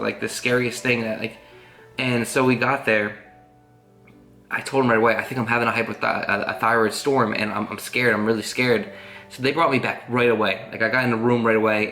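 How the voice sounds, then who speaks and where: A man's voice: fairly low pitch, pushed and bright. A man telling a long personal story to camera in a casual vlog, rambling and earnest, full of fillers. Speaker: family vlogger. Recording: roomy echo with faint guitar music.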